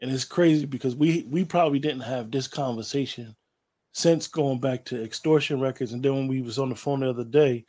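Relaxed man asking interview questions. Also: medium pitch, fairly quick, husky. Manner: relaxed, repeats words, slangy asides. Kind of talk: casual interview talk.

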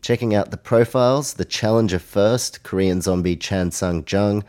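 A man's voice: fairly low pitch, moderate pace, darkish tone. An Australian man hosting a solo podcast, talking casually through fight predictions with chatty asides. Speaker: podcast host.

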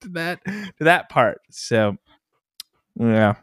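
A man's voice: mid-range voice, sing-song, slow, a bit bright, smooth, dry recording, studio quality. A man co-hosting a casual gaming podcast, telling funny stories in a jokey, self-mocking way. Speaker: podcast co-host. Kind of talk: casual podcast chat and storytelling.

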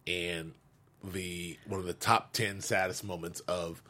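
A man's voice: low-pitched, fairly even intonation, slow pace, bright, forceful tone. A man co-hosting a fan after-show, chatting casually and animatedly, joking and laughing often, with many restarts. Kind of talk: casual chat.

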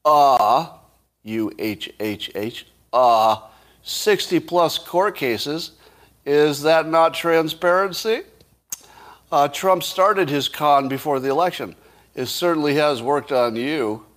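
This is a sneering, sarcastic woman firing back in an online argument, put on by a man quoting her. The voice rides higher and louder than normal and drags its words out slowly in a mocking drawl.

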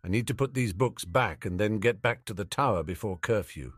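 A man's voice: lowish voice, expressive, fairly quick, no room sound. A man voicing a resentful teenage boy who speaks with dry sarcasm. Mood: curt. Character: bitter, sardonic teenage boy.

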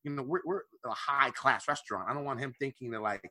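A man with a bright, forceful voice tells a long, swearing-laced story in casual podcast chat. His delivery is loose and animated, recorded close and dry with no room sound. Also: medium pitch, fast talker, no room sound. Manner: profane, animated anecdote telling. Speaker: podcast co-host.

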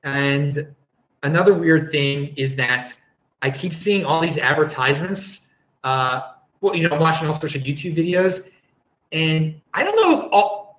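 A man hosts a casual live-streamed show, rambling and chatting as he reads viewer comments aloud. His voice is a little high with a fairly bright tone, and the low-quality recording has an echoey room sound.

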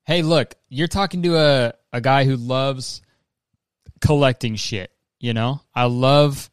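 A man's voice: medium pitch, slow, clean tone, no echo, studio quality. A man hosting a podcast in casual, rambling chat, swearing freely and laughing often. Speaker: podcast host.

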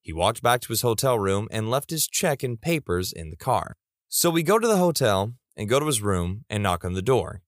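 A man's voice: on the low side, big pitch swings, moderate pace, dry recording, studio quality. A man narrating reader stories in a comedic style, with playful asides.

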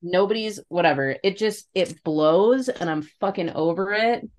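A woman's voice: medium pitch, expressive, moderate pace. A young woman co-hosting a podcast, telling a rambling story in casual chat and swearing freely. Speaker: podcast co-host.

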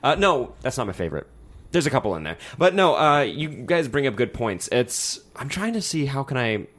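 A man in a casual film discussion, talking in a hesitant, halting way. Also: medium pitch, very animated, a bit bright. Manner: hesitant, halting, self-conscious. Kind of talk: casual chat.

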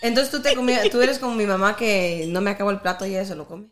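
A woman's voice: medium pitch, fairly even intonation, racing, a bit bright. A woman hosting a casual chat, brash and swearing, switching between English and Spanish. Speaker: host.

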